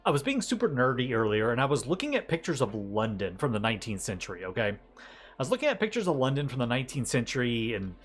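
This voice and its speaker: A man's voice: mid-range voice, big pitch swings, quick pace, faint music behind. A man from the United States with a drawl, chatting casually with viewers on a live stream, rambling and laughing as he goes. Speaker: livestreamer.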